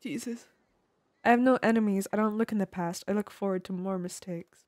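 A mid-range, slightly mellow female voice moves a little fast in a dry, clean studio recording. She's a streamer gaming live, joking around with viewers, swearing heavily, and often laughing in a playful, over-the-top way.

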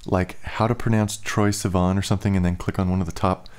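A man's voice: sits low, flat delivery, fast talker, darkish tone, clear, resonant tone. A young man rambling casually in a vlog, with slightly slurred speech and lots of filler "like"s. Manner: loose, filler-heavy talk with "like". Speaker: musician and vlogger.

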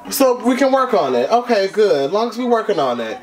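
High-voiced, dramatic, sassy man. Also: very animated, a little fast. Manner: dramatic, sassy and loud, full of slang. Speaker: YouTube reaction host. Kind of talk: music video reaction. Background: faint music from the video.

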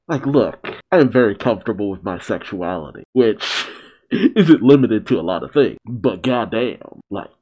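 A man reacting out loud to a show, his pitch swinging wildly from low mutters to high yelps. He laughs often and swears freely. For all that bounce, he takes his time between remarks. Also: sing-song, measured pace, husky. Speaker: reaction video host. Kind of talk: casual reaction commentary.

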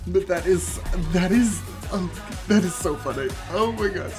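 A host reacting to a music video, excitable and gushing, often laughing and squealing. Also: mid-range voice, measured pace, hardly any pauses. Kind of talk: casual reaction commentary. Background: music video playing.

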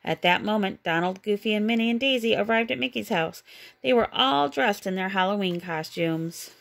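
A woman reading a bedtime storybook aloud in a gentle, expressive manner. Her voice sits at a middling pitch and has a noticeable gravelly, vocal-fry texture. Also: moderate pace. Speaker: storybook reader.

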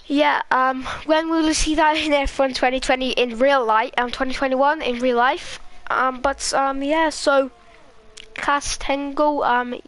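High, level-toned Scottish woman commentating. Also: fairly even intonation. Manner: halting, rambling delivery with many fillers. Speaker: sim racing commentator. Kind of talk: live race commentary.

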